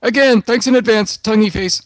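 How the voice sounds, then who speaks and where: A man doing a squeaky needy poster. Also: moderate pace, no echo, natural voice. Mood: pleading.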